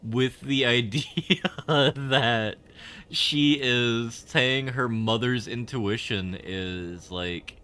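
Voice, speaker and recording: A man's voice: medium pitch, drawn-out words, bright, forceful tone, clear, resonant tone. A young man casually commenting while live-streaming a game, rambling and giggling at his own jokes. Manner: giggly, rambling, self-deprecating.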